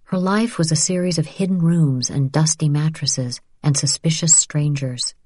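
Steady and measured, a low, dark-voiced woman reads scripted audiobook narration. There's no echo, and the audio has studio quality.

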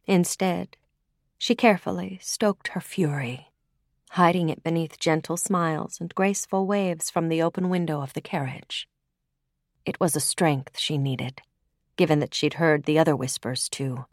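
A woman reading a fantasy novel aloud in measured storytelling narration, dropping to a hush on dark lines. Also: sits low, no room sound, studio quality. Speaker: audiobook narrator. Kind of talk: scripted narration.

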